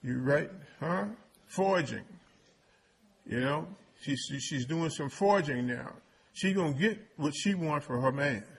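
A man's voice: fairly high pitch, a little slow, creaky, slightly rough. A man preaching a sermon on scripture, often calling out to the congregation and repeating words as he builds his point. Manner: calls out to the congregation, stammers and repeats words, emphatic.

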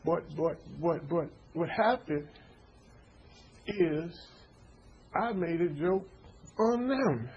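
A man's voice: fairly high pitch, lively intonation, very slow, pauses often, breathy edge, lo-fi sound. A man preaching an informal sermon, stammering through repeated words and checking in with his listeners. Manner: stammering repetitions, call-and-response asides.

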